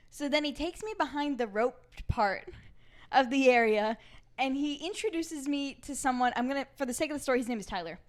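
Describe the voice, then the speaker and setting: High-voiced woman telling a story. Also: fast. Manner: animated, acts out quoted voices. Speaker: podcast co-host. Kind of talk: casual storytelling chat.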